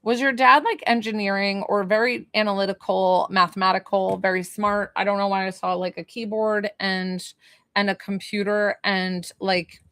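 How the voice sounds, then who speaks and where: A woman's voice: medium pitch, fairly even intonation, moderate pace, a bit bright, no echo. Chatty woman giving a dry-sounding psychic reading. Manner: chatty, hesitant, many fillers and questions. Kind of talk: live-streamed spiritual reading.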